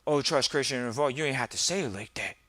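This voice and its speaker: A man's voice: medium pitch, animated, brisk, a bit bright, no room sound, studio quality. A man putting on the voice of a confused, defensive client, whiny and pleading.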